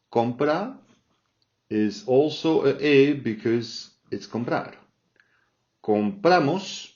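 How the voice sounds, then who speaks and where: A man gives a slow, patient language lesson, often pausing to check in with "all right?" He speaks at a mid pitch and an unhurried pace. The recording sounds dull and lo-fi. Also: a little mellow. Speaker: Spanish teacher.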